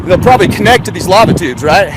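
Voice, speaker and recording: Sarcastic high-voiced man vlogging from a car. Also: expressive, fast, noisy background. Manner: sarcastic, rambling, rhetorical questions. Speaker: conspiracy vlogger. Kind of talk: casual livestream chat while driving.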